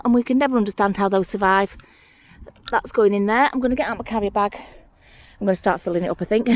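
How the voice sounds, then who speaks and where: A woman's voice: mid-range voice, a little fast, dry recording. Chatty woman. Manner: chatty, excitable over small finds, talks to herself and the viewer. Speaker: mudlarking vlogger. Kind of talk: casual running commentary while searching. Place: outdoors on a hillside rubbish tip.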